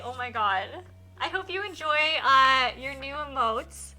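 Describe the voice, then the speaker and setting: A woman's voice: high-pitched, animated, unhurried, bright, forceful tone, faint music behind. A young woman streaming a game live, gushing with thanks to her chat and talking in a chatty way full of fillers. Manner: gushing, emotional, many thank-yous.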